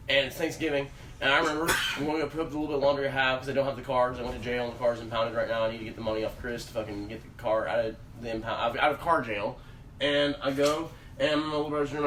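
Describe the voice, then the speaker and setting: Fast-talking young man telling a rambling story. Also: medium pitch. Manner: rambling, profane, animated storyteller. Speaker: podcast host. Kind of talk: casual storytelling. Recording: roomy room, distant mic, faint background hum.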